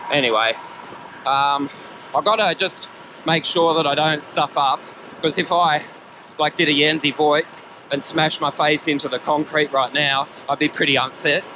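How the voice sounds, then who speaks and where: A man's voice: a little high, fairly even intonation, normal speed, background noise. An Australian man vlogging his bike ride outdoors, with jokey, upbeat commentary to the camera full of local slang. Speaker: cycling vlogger. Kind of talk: chatty running commentary while riding. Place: outdoors on a bike ride through a national park. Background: background music.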